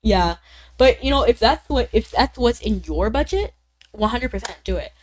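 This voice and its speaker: A woman's voice: a little high, expressive, normal speed, a little mellow. Chatty woman streamer, sick voice. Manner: chatty, rambling, frequent "like" and small laughs. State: sick, voice a little changed. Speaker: livestreamer. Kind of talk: casual stream chat reading viewer comments.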